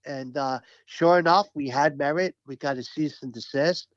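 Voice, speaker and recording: A man speaking as a union representative, telling stories in an animated, emphatic, profane way during a casual interview. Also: on the high side, moderate pace, no room sound, highs cut off.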